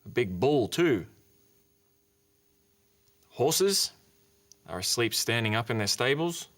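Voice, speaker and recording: A man with an Australian accent, presenting a children's TV show, narrating clearly and playfully for young children. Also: mid-range voice, big pitch swings, slow, fairly bright tone. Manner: clear, simple and playful, makes animal and car noises. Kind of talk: slow, gentle storytelling narration for young children.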